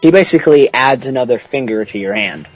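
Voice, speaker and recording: Animated, joking man on a dull, dry mic. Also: mid-range voice, faint music behind. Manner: wisecracking, reacts with quick jokes. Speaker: co-commentator. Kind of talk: casual gameplay commentary.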